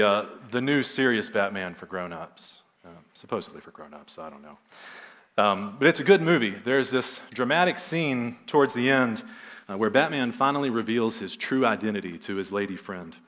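A man's voice: lowish voice, fairly bright tone. A man in his thirties, a pastor, preaching a sermon in a conversational way with fillers and emphatic repetition.

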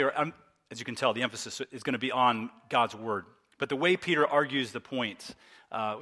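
Male pastor, earnest and emphatic sermon delivery, crisp bright tone. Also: mid-range voice. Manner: earnest, emphatic preaching with repetition.

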